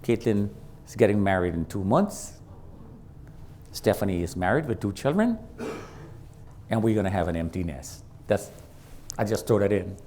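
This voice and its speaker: A guest preacher recounts his testimony in a church sanctuary, voicing the characters in his story and moving between loud, high passages and low, quiet ones. His delivery is sing-song at a moderate pace with frequent pauses, and there's a little hiss or hum.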